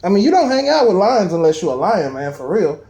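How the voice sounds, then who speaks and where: A man in casual chat, telling a personal story with animated emphasis and street slang. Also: high voice, brisk.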